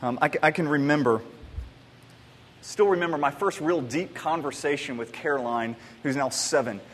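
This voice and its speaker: A man's voice: a little high, moderate pace, a bit bright. A man in his thirties preaching a sermon, telling stories in a loose, conversational way with many restarts. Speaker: pastor. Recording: long hall reverb.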